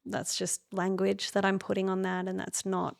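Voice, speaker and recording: A woman guest on a podcast, telling a personal story in an earnest, reflective way with many pauses and restarts. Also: mid-range voice, completely flat delivery, creaky. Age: adult parent.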